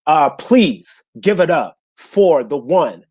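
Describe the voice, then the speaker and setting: Excited hype-man host emceeing a poetry show. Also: fairly high pitch, takes it slowly, husky. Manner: excited, crowd-pumping, repeats praise.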